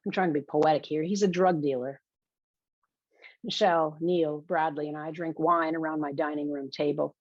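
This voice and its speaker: A woman's voice: low voice, fairly even intonation, normal speed, a little mellow, no room sound. A woman narrating a first-person novel in a confessional, wry way, in a muffled lo-fi recording. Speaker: audiobook narrator. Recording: dull, dry lo-fi recording.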